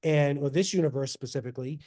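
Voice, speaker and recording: A man speaking as a podcast guest in casual interview talk, animated and motivational, over a video call. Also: on the high side, fast. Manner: animated, motivational, quotes himself in asides.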